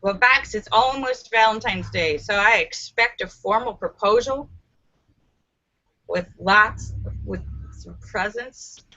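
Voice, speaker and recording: A woman's voice: takes it slowly, sharp tone, muffled recording. A woman hosting a casual live stream, reading viewer comments aloud and chatting playfully with plenty of laughter. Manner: playful, laughs often, acts out stories with squeaky voices. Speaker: livestream host. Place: home in Los Angeles.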